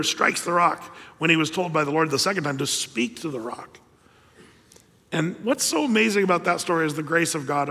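A man preaching a sermon as pastor, telling Bible stories with animated delivery and acting out the people in them. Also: high-pitched, long reverb tail. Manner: animated storytelling, acting out biblical figures.

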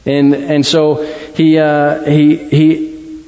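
A man preaching a sermon in a church, talking in a conversational, halting way with many restarts. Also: a little high, completely flat delivery, darkish tone. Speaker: pastor. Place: church sanctuary. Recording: dull sound in a long-echo hall.

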